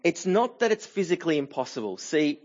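A middle-aged man preaches a sermon in a church, his voice pitched a little high for a man. He talks conversationally, often pausing with fillers and starting phrases over. The recording sounds somewhat dull and lo-fi. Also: sing-song, darkish tone. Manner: conversational, with frequent fillers and restarts. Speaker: pastor.

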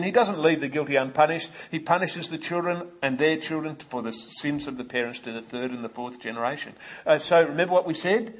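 A man with an Australian accent preaching an expository sermon in a measured, explanatory way, with many "uh" fillers and asides to the listeners. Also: a little high, muffled recording.

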